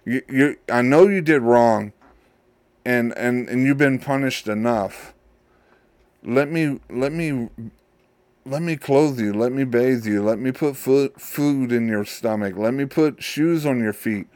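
A man voicing a loving, forgiving father who reassures his son gently and repeats himself. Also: mid-range voice, measured pace, dry recording, natural voice. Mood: tender.

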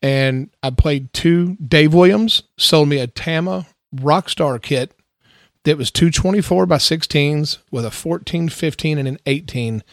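A man's voice: a little high, a little slow, no echo, studio quality. A middle-aged man, a drummer, chatting casually in his home garage, laid-back and self-mocking, often laughing. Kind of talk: casual chat.

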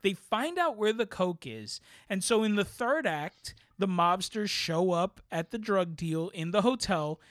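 A man co-hosting a podcast, reviewing a movie in casual chat, rambling and animated, often tagging "right?" onto his points. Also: high-pitched, measured pace, hardly any pauses, no room sound, clean studio sound. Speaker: podcast co-host.

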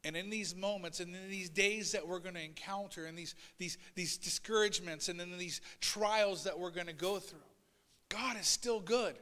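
Man, pastor, sermon, high voice, loud-to-quiet swings, long church reverb. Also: normal speed. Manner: swings from loud urgent preaching to quiet, low asides; acts out Bible figures' lines in a raised voice. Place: church sanctuary.

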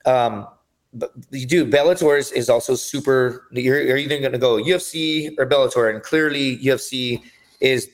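A man guesting on a podcast, telling his fighting stories in an energetic, profane, rambling way. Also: mid-range voice, moderate pace. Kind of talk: casual storytelling chat.

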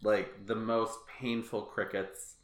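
A man's voice: lowish voice, level tone, slow. A man hosting a podcast in casual chat, chatty and full of "like" and "um" fillers. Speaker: podcast host. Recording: roomy echo.

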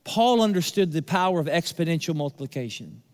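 A male pastor delivering a sermon, preaching with rhetorical repetition and emphatic pauses. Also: fairly high pitch, big pitch swings. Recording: long hall reverb.

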